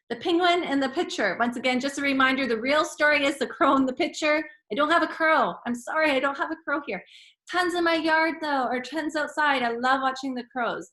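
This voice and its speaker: Woman, teacher, storytime reading, gentle, chatty, fairly high voice, echoey room. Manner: gentle, chatty, addresses children as friends.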